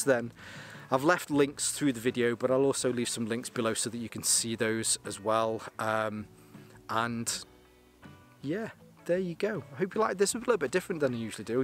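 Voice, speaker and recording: Brief: male vlogger, outdoor to-camera chat, relaxed, rambling, self-deprecating. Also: mid-range voice. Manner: chatty, self-mocking, rambling. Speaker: gear channel host. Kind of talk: casual vlog to camera.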